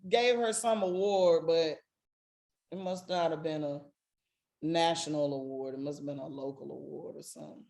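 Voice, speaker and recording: Woman, 40s, from Jackson, Mississippi; podcast co-host, casual, animated storyteller. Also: low-pitched, moderate pace. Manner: animated storytelling, acts out quoted voices, laughs often. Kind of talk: casual chat.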